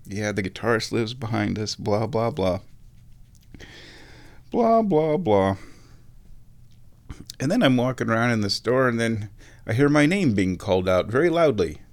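A man in his thirties from Omaha, telling a rambling, animated story in a casual monologue, chuckling now and then and bringing quoted people to life. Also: lowish voice, normal speed. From Omaha, Nebraska.

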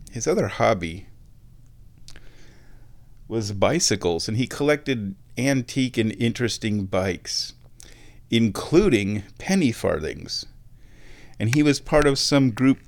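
Rambling man telling a casual story. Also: lowish voice. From Omaha, Nebraska. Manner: rambling, chuckling, animated quoted voices.

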